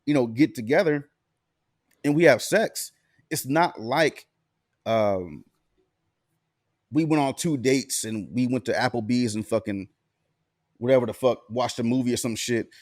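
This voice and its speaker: A man's voice: mid-range voice, a little slow, pauses often, a little mellow, dry recording, clean studio sound. A man from Alabama, co-hosting a podcast and telling stories in a laid-back, profane way. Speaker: podcast co-host. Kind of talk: casual chat.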